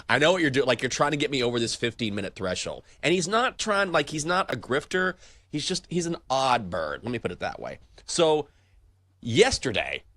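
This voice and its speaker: A man's voice: medium pitch, no room sound. A man co-hosting a sports betting show, telling stories in casual chat and acting out the voices he quotes. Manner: animated storyteller, acts out quoted voices.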